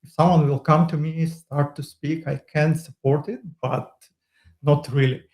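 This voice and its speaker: A man with a non-native accent, a podcast guest speaking in casual chat, hesitant with many fillers and pauses. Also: on the high side, fairly even intonation, darkish tone. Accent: Eastern European. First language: not English. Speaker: podcast guest, user group leader. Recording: echoey room.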